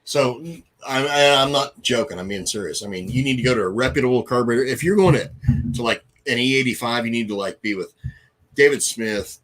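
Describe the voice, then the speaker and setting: A man's voice: mid-range voice, brisk, a bit bright. A middle-aged man co-hosting a casual live chat, joking, swearing and laughing often. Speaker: co-host.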